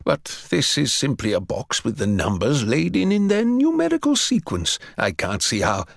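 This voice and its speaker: A man's voice: mid-range voice, huge pitch swings, moderate pace, creaky, dry recording, studio quality, heavily acted. A man voicing an older, pompous male headmaster with a haughty, condescending drawl. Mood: probing.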